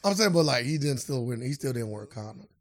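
Co-host, man, gravelly voice, deadpan teasing, dry close mic. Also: medium pitch, fast talker, no room sound. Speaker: podcast co-host. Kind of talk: casual chat.

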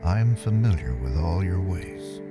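A man voicing God the Father in a devotional video, speaking slowly, intimately and reassuringly. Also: deep voice, animated. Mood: tender. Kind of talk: scripted devotional reading. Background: music.

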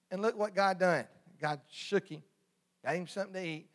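A man's voice: sits high, normal speed. A man preaching a sermon in a folksy, humorous call-and-response style.

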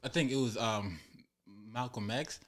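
A man's voice: medium pitch, measured pace. Laid-back New man in casual chat. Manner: relaxed, loose slang, laughs often. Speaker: web series creator and actor.

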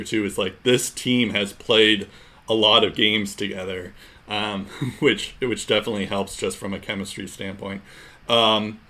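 A man's voice: fairly low pitch, fairly bright tone. A man co-hosting a casual sports podcast, rambling with lots of fillers. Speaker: podcast co-host.

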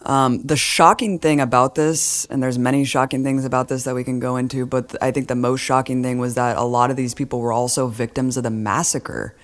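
A woman's voice: very deep voice, fairly even intonation, fairly quick, hardly any pauses. A woman co-hosting a political podcast, casual and sarcastic, slipping into mocking voices when she quotes people. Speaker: podcast co-host.

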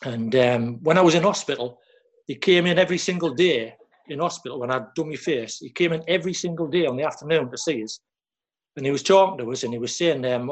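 A man, a former footballer who tells stories haltingly, repeating words and quoting others. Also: on the high side, expressive. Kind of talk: casual storytelling chat.

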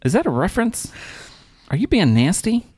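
A woman's voice: medium pitch, very animated, a little slow, mellow, slightly rough, no echo, clean studio sound. A woman co-hosting a podcast in casual chat, teasing, joking and laughing often. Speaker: podcast co-host.

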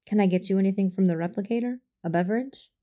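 A woman reading the part of a warm, courteous male hologram doctor in an audio story, in a gentle, friendly tone. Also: mid-range voice, rapid-fire, natural voice.

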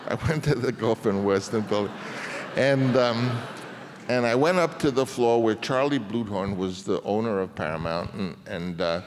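Man in his 70s, guest storyteller, lowish voice, rambling with restarts, hall reverb. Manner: rambling, with many restarts and fillers. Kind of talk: anecdotal storytelling in a public conversation.

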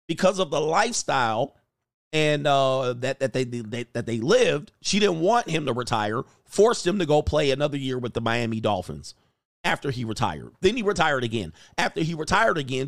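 A man's voice: mid-range voice, fairly bright tone, no echo, clean studio sound. A man hosting a reaction commentary show, talking in a crude, joking, mocking way.

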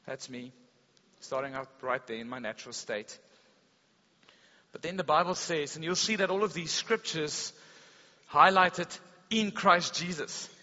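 A man preaching a sermon at a church service, telling stories with a lively delivery that rises loud and drops to a hush. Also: a little high, a little slow, pauses often. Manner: animated storytelling preacher, swings between loud and hushed. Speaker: pastor. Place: school hall service. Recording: dull long-reverb hall sound.

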